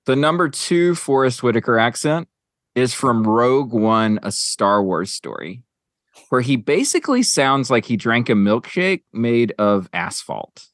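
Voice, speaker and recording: A man's voice: medium pitch, very animated, a little slow, fairly bright tone, no echo, studio quality. A man hosting a podcast in casual chat, rambling with lots of fillers as he counts down a list. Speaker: podcast host.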